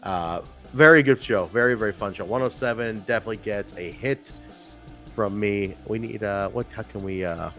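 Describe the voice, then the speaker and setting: A man's voice: lowish voice, moderate pace, sharp tone, faint music behind. A man co-hosting a podcast, chatting casually and animatedly, joking and swearing now and then. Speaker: podcast co-host. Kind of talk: casual chat reviewing wrestling shows.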